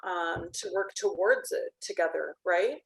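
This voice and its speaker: A woman's voice: lowish voice, a little slow, vocal fry, poor audio. A woman hosting an online interview, responding to her guest in an eager, affirming way and summing up his points. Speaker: host. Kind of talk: conversational interview.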